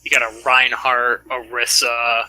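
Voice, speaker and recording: A man with a very bright, forceful voice, co-hosting a loose esports podcast chat. He sounds eager and excitable and fills his sentences with "like". His pitch sits in an ordinary middle range. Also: measured pace, poor audio. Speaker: co-host.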